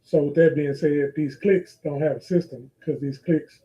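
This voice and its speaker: A man's voice: fairly high pitch, steady tone, normal speed, warm tone. A man co-hosting a podcast in casual chat, emphatic as he explains his points. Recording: dull lo-fi mic.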